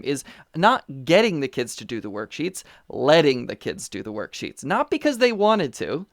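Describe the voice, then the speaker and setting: A person chatting casually over a remote call, telling animated stories with many fillers and restarts. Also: medium pitch, dry recording, clean studio sound. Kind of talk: casual conversational chat. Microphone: remote call mic.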